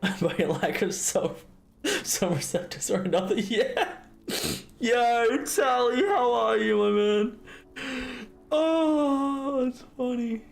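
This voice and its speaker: A woman's voice: on the high side, gravelly, a little mellow. A woman livestreaming, telling a story in giggly casual chat.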